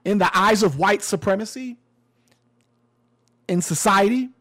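High-voiced, unhurried male commentator. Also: a bit bright. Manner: conversational, sarcastic, emphatic. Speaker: commentary host. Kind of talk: casual news commentary.

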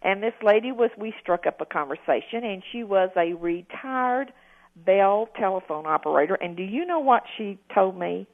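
Lively chatty woman caller. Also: medium pitch, normal speed, phone-quality sound. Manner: chatty, folksy, joking. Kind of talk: casual phone-in chat.

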